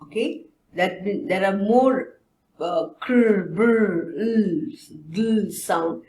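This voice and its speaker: A woman teaching a phonics lesson to young children, drawing words out slowly so they can repeat after her. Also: medium pitch, warm tone. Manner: slow, drawn-out words for repeating. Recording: echoey room with faint noise.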